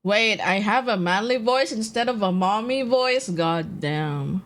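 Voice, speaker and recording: A young woman streamer chatting casually with viewers in a low, groggy voice from just waking up, laughing and swearing easily while she eats. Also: unhurried, hardly any pauses. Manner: laid-back, laughs often, swears casually, chats with viewers while eating. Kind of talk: casual live-stream chat.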